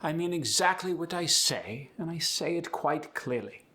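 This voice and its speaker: A man voicing a refined, formal old-Hollywood gentleman with a Transatlantic accent, speaking calmly with crisp, deliberate diction. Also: on the high side, voice pushed up. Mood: poised, formal. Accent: Transatlantic (Mid-Atlantic). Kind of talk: theatrical accent demonstration.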